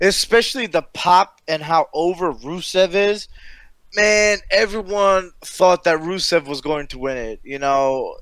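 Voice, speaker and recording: A man co-hosting a casual podcast chat, talking in an excited, profane, storytelling way. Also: high voice, unhurried, clear, resonant tone, no room sound. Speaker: podcast co-host.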